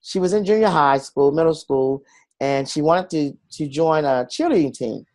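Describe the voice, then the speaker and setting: A man's voice: a little high, moderate pace, darkish tone, no echo. A middle-aged man being interviewed, telling a personal story in an earnest, confessional way and acting out the voices of the people he quotes. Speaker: guest.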